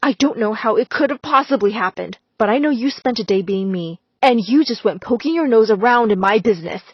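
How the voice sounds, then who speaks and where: A woman voicing a defiant middle-aged female teacher who speaks firmly and loudly. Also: a little high, lively intonation, a little fast, husky, no echo. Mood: warning. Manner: firm, forceful, raised voice. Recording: slightly dull, dry recording.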